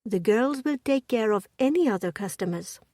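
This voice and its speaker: A woman's voice: expressive, moderate pace, no echo, studio quality. A woman voicing a petite, bubbly dressmaker with a thick French accent, in a storybook reading. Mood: eager. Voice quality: high and loud, effusive.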